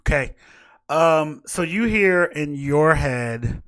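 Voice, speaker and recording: A man's voice: fairly high pitch, animated, slow pace, a bit bright, slight background noise. A man running a tabletop game as game master, prompting the players in a casual, hesitant way.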